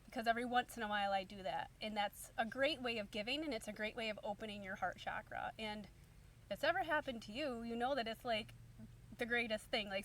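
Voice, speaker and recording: A stay-at-home mom in her thirties tells a story to the camera, chatty and upbeat and full of fillers. Her voice is fairly high and a little fast. The mic is distant, and a faint hum runs in the background.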